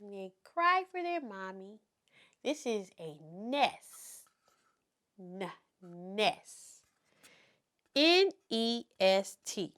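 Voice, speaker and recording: Slow sing-song preschool teacher woman. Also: medium pitch, very animated, a bit bright. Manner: slow, sing-song and encouraging, speaking to toddlers. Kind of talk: children's circle-time lesson.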